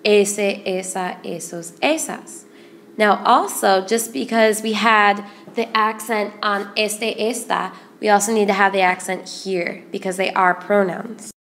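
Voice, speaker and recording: A woman teaching a Spanish grammar lesson in English, explaining patiently and repeating word lists slowly. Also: mid-range voice, steady tone, fairly bright tone, a little hiss or hum.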